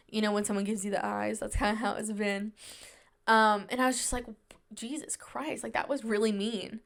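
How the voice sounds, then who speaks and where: A young woman hosts her own podcast, talking on her own in a loose, rambling way, full of fillers and little pep talks to herself. Her voice is smooth and clear at a mid pitch, and by her own account she is shy and introverted. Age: young adult. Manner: chatty, filler-heavy, self-reassuring. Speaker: podcast host. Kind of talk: casual solo podcast chat.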